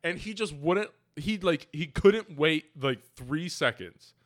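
Young male co-host, loud and worked up, lively pitch, dry recording. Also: no echo. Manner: loud, animated, swears, quick to argue his point. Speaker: podcast co-host. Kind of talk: casual chat.

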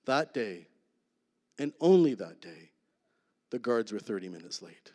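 A man sharing a personal testimony at a church, earnest, with dramatic pauses and soft, intense endings. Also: lowish voice, sing-song, in a large hall. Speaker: guest speaker.

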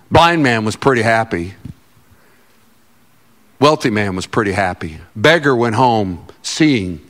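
A male pastor preaching a sermon in a church, joking with the congregation and breaking into loud, animated outbursts. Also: on the low side. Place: church sanctuary.

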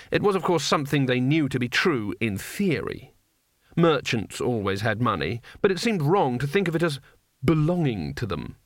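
A man narrating a comic novel as an audiobook, in a wry, expressive storytelling manner. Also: medium pitch, no echo, studio quality.

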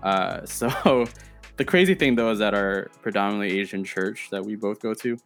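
Easygoing American podcast co-host. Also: male voice, lowish voice, moderate pace, creaky, soft background music. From United States. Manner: relaxed, laughs often, repeats words when starting. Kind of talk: casual chat. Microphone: remote call.

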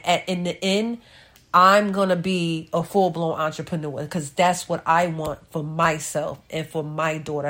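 Animated woman podcast host. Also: fairly low pitch. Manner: animated, expressive storytelling. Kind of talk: casual solo podcast chat.

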